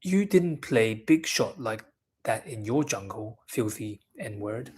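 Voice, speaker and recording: A man reading aloud and briefly voicing an abusive old male drunk who hurls slow, sneering insults. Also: on the low side, expressive, a little mellow, husky, voice pushed down, exaggerated voice. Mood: contemptuous.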